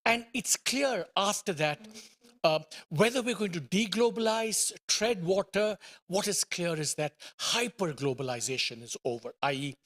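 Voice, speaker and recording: A man's voice: sits high, expressive, normal speed, a bit bright. A middle-aged man from India, giving a conference panel presentation as an economist. He stumbles into sentences with many fillers and repeats words for emphasis. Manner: hesitant starts with many fillers, emphatic repetition.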